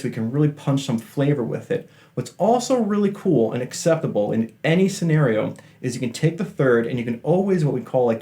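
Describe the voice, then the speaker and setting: A man's voice: mid-range voice, a little mellow. A man giving a casual, chatty guitar lesson, joking about himself and apologizing for talking so much. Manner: chatty, self-deprecating, apologizes for talking a lot. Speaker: guitar teacher.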